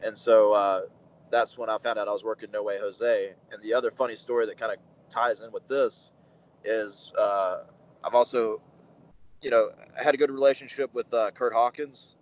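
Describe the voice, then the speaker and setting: A man in his thirties, a wrestler as interview guest, telling animated stories and acting out the dialogue with lots of fillers. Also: on the low side, normal speed, rough recording. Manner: animated anecdotes, acts out quoted dialogue, many fillers. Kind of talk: casual storytelling interview.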